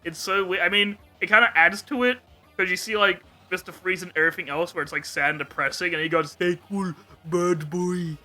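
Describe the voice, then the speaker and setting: A young man with a very bright, cutting voice hosts a casual podcast. He talks in a fairly high register. He retells scenes in an animated, joking way and swears freely, with faint music underneath. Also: fast. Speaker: podcast host.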